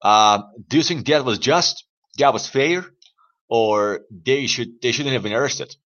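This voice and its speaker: A man's voice: mid-range voice, measured pace, fairly bright tone, highs cut off. A man hosting a livestream, chatting casually and rambling with teasing questions for his viewers. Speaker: livestream host. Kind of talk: casual chat to live viewers.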